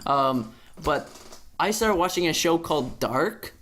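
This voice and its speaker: Animated, profane young man ranting on a podcast. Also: measured pace. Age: young adult. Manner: profane, animated ranting with sudden pitch jumps. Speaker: podcast co-host. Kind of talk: casual chat.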